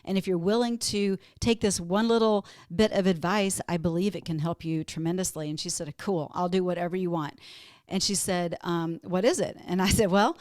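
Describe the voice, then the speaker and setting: A woman's voice: on the low side, moderate pace, hardly any pauses, a little mellow, no echo, studio quality. A woman from Minnesota, a wellness guest on a podcast interview, telling stories in an upbeat, motivational way.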